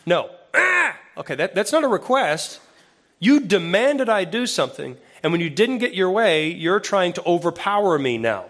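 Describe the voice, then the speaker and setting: A man's voice: high voice, normal speed. Conversational male associate pastor preaching. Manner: conversational, lively when quoting scripture. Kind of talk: sermon.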